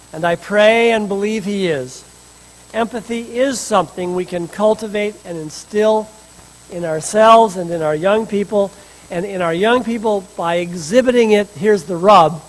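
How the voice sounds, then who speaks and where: A man's voice: sits high, low-quality recording. A male minister delivering a sermon, emphatic with humorous asides, in a church sanctuary.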